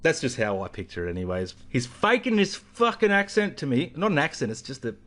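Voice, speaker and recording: A man's voice: mid-range voice, very animated, a little fast, a bit bright. Ranting, swearing man. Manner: ranting, rambling, heavy swearing. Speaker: vlogger. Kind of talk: ranting storytelling vlog.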